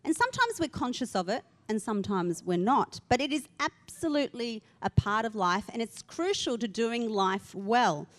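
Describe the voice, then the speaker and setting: A middle-aged woman pastor preaches in a conversational, engaging way. Her voice sits a little high. She guides listeners through simple actions and tells stories as she speaks. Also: big pitch swings, moderate pace, hardly any pauses. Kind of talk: sermon.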